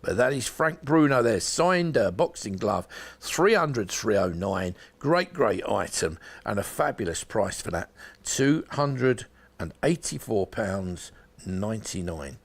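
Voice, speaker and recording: A man's voice: fairly low pitch, animated, measured pace. Chatty South London shopping-channel man. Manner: chatty, salesy, addresses viewers directly. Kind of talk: home shopping sales pitch.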